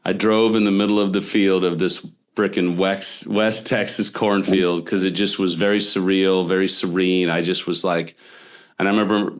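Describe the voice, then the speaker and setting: A man with a low, resonant voice hosts a podcast interview. He talks in a casual, emphatic way, leaning into his points with slangy warmth. His tone is clear and smooth throughout. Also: flat delivery, moderate pace. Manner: casual, emphatic, says "dude". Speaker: podcast host.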